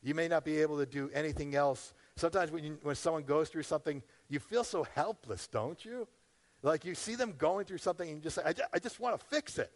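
A man's voice: fairly high pitch, a little fast, big-room sound. A man as pastor, preaching a sermon in a conversational way, often asking the congregation questions.

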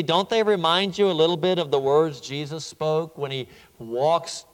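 A man preaching a sermon, slow and earnest, often repeating his words as he explains the text. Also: on the high side, clear, resonant tone, long reverb tail.

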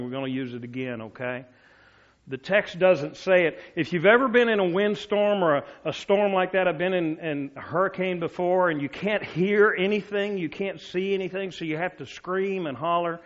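A male preacher delivering a storytelling sermon, dropping to soft, low tones for quoted words. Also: lo-fi sound.

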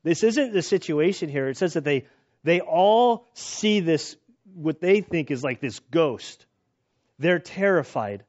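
A middle-aged man gives a sermon as a loose, animated story, circling back and restarting his sentences. His voice sits a little high for a man. The recording is dull and lo-fi. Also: unhurried. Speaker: pastor.

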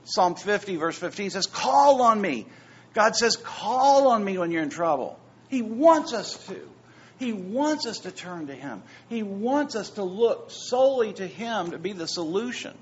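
A pastor preaching a sermon, swinging between hushed, near-whispered phrases and loud, emphatic repetitions. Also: male voice, sits high, expressive, measured pace, slight background noise. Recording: dull lo-fi sound with faint ambience.

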